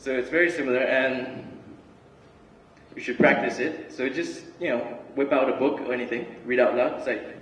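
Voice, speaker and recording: A young man giving a relaxed, chatty student talk with lots of fillers and restarts. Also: medium pitch, normal speed, a little hiss or hum. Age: young adult. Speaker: student speaker. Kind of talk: casual student talk and spoken word. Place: large hall. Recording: roomy hall recording from far off.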